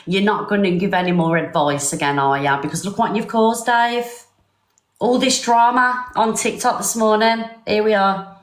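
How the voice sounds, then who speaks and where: A woman's voice: medium pitch, moderate pace. A woman hosting a casual live stream, chatting and thanking viewers by name. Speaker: livestream host. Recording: roomy echo.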